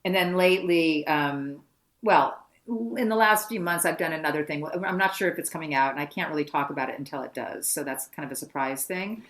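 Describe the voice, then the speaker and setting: An actress being interviewed on a podcast, telling lively anecdotes and acting out the voices of people she quotes. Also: low voice, brisk. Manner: lively storyteller who acts out quoted voices. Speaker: actress guest.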